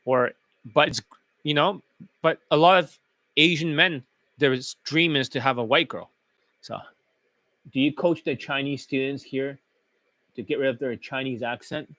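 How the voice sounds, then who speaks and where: A man's voice: mid-range voice, a little slow, pauses often, a bit bright, no room sound. A man who coaches dating, talking in a blunt, profane, casual monologue.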